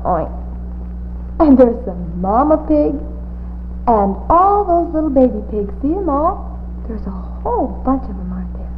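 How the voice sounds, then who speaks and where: A woman hosting a children's TV show, talking slowly and coaxingly to small children in a sing-song way, with many little questions. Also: on the high side. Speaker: children's TV hostess. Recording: tinny, hissy 1950s TV audio.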